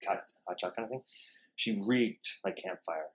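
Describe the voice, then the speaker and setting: A young man hosting a casual podcast chat, telling stories in a rapid, animated way and swearing freely. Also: low-pitched, slight background noise. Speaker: podcast host.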